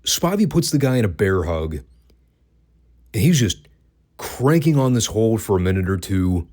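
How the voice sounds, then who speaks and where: A man with a slightly low voice talks through old wrestling shows in a loose, casual podcast style. He is dry and profane, and sometimes breaks into laughter at his own jokes. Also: big pitch swings, normal speed, darkish tone. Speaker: podcast host reviewing wrestling.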